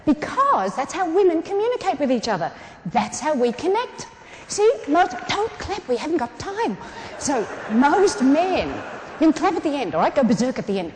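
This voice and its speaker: Lively Australian woman on a hall stage. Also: high voice, moderate pace. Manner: animated, humorous, talks straight to the audience. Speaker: keynote speaker. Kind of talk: motivational keynote speech. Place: large conference hall. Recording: echoey conference hall, some room noise.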